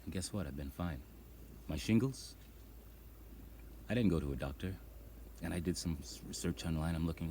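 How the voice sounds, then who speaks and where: A man's voice: a bass voice, a little fast, long pauses, dark tone, a little hiss or hum. A man vlogging outdoors on a rural farm, rambling in casual talk and laughing as he acts out voices.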